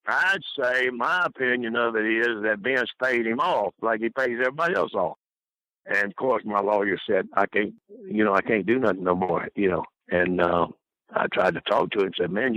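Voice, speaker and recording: A man's voice: fairly low pitch, expressive, moderate pace, pushed and bright, no echo, poor audio. An older man telling colorful stories as an interview guest, folksy and rambling, laughing at his own tales. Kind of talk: rambling anecdotal storytelling.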